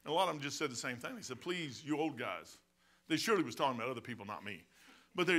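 A man in his sixties with a Midwestern American accent, preaching a sermon as pastor, telling stories with swings from loud outbursts to quiet asides. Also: mid-range voice, lively intonation, fast. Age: 60s.

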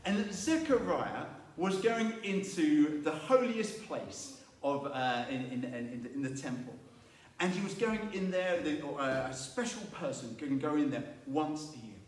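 A man preaching a sermon, telling Bible stories with lively acted-out voices. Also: fairly high pitch, unhurried. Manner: animated storytelling, acting out biblical voices. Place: church. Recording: echoey room, mic at a distance.

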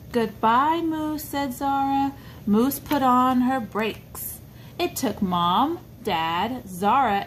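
A woman reads a picture book aloud to a toddler at a slow, unhurried pace. Her high voice swings widely as she coaxes and asks the child questions about the pictures. A faint hiss sits under the recording. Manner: sing-song, coaxing, points at pictures and asks the child questions. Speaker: storybook reader for a child.

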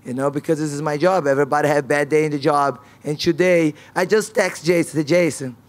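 A woman's voice: low voice, steady tone, brisk. A woman fighter at a press conference, speaking frank, non-native English with broken grammar and repeated key words.

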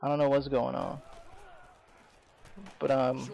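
A man commentating his own video game match, swearing often and swinging between excitement and exasperation. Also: mid-range voice, takes it slowly, creaky, poor audio. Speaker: gameplay commentator.

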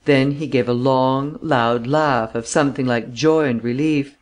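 A man narrating an audiobook in a steady, even storytelling voice. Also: medium pitch, a little slow, hardly any pauses. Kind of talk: scripted narration.

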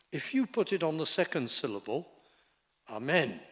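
A man, preaching a sermon as pastor in a deliberate, emphatic way. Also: on the high side, very animated. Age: 70s. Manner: deliberate, emphatic preaching with short declarative lines. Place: church sanctuary. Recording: long reverb in a large hall.

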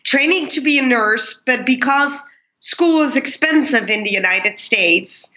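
Slow, bright-voiced woman. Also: high-pitched. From Pakistan. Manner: animated, acts out quoted people, laughs often. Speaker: guest, keynote speaker. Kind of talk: storytelling in casual interview. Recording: dull lo-fi recording.

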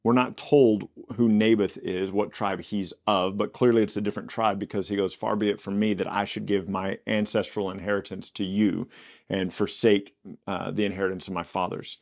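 A man hosting a Bible study podcast, reading scripture aloud and breaking off into casual, animated asides. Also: on the low side, moderate pace, gravelly. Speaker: Bible teacher.

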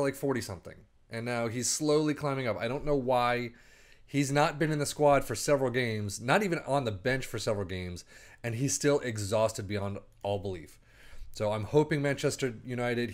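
A man casually commenting on his own football management game as he plays, thinking aloud and breaking into quick play-by-play. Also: a little high, slight background noise. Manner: chatty, rambling, thinks aloud, bursts into play-by-play. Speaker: gaming YouTuber.

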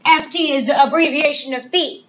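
A woman teacher giving a recorded math lesson to children, playful and animated, asking questions and answering them herself. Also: sits high, normal speed, lo-fi sound, background noise.

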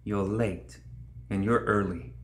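A man's voice: on the low side, steady tone, slow. Man voicing a taunting demon queen. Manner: taunting, hissing menace. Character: towering cruel winged demon queen, woman. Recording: roomy echo.

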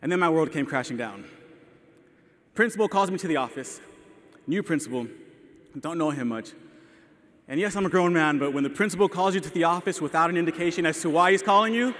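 A man's voice: on the high side, animated, brisk, long pauses, fairly bright tone. A young man from El Paso, a teacher giving an earnest, emotional keynote speech to an audience, with self-deprecating humor. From El Paso, Texas. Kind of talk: personal storytelling speech. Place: large hall with audience. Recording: long hall reverb.

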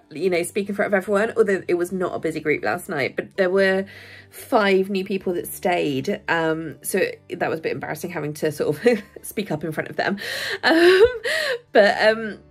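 A woman talks openly to her viewers in a chatty, rambling way, often laughing and quick to get emotional. Her voice is husky and a little breathy. Soft music plays faintly behind her. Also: medium pitch. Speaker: vlogger. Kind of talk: candid personal vlog.

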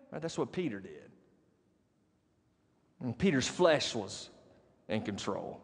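Speaking slowly with long pauses, a man of medium pitch preaches in a sing-song, slightly rough voice. He is a pastor telling a personal story and often addressing the congregation, recorded in a church sanctuary with long reverb.

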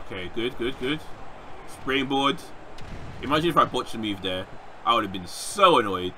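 A young man giving casual, excitable gameplay commentary, often shouting at opponents. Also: lowish voice, a little fast, slight background noise. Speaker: gaming YouTuber.

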